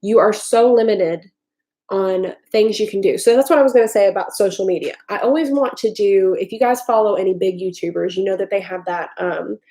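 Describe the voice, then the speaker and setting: A woman from Tennessee talks loosely to her live-stream viewers from her kitchen. Her voice sits at an ordinary mid pitch, and she rambles with plenty of "like" and "um" and casual swearing. She is picked up by a desktop computer mic. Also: brisk, mellow. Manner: rambling, profane, lots of "like" and "um". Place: home kitchen.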